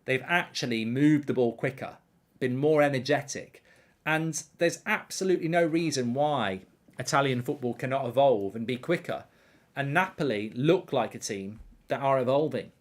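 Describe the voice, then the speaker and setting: A man's voice: medium pitch, moderate pace. A man hosting a live football watchalong, chatting casually and reading out viewer comments. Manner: animated, reading viewer comments, frequent fillers. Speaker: host.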